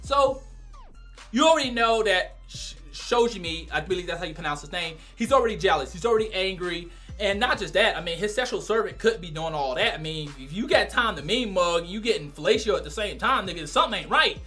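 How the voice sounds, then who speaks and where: A man giving a casual, crude and animated spoken review, often breaking into loud exclamations. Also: high-pitched, fairly quick, soft background music. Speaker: anime reviewer.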